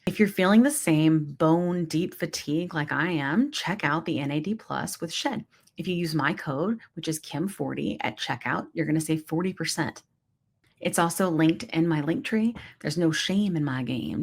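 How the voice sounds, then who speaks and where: A woman's voice: sits low, normal speed, gravelly. A woman hosting a podcast, talking in an upbeat, chatty way with frequent ums. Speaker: podcast host. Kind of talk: casual podcast chat.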